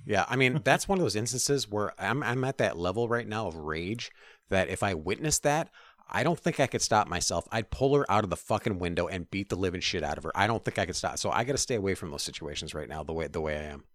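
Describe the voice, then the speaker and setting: A man's voice: sits low, expressive, fast, a bit bright, no echo. A man co-hosting a casual political talk show, blunt and profane, with laughs in between. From Minneapolis area. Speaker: podcast co-host.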